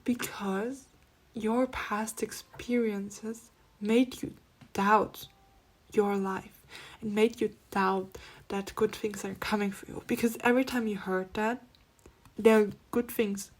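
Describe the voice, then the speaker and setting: A woman giving a pick-a-card spiritual reading, speaking softly and often dropping to a near-whisper, then breaking into laughs. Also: mid-range voice, fairly even intonation, slow pace. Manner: soft-spoken, drifting between near-whispers and laughing outbursts. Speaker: tarot reader.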